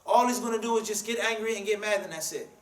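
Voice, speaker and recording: A man's voice: sits high, fast talker. A man preaching a sermon in a mosque, emphatic and full of rhetorical questions, with Arabic quotes. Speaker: imam giving a talk. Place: mosque hall. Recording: roomy hall sound from a distance.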